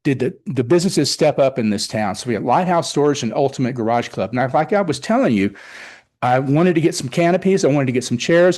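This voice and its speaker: At a public meeting, a middle-aged car show organizer with a mid-range, darkish voice presents to the town board. His report is enthusiastic and rambling, and he often retells conversations.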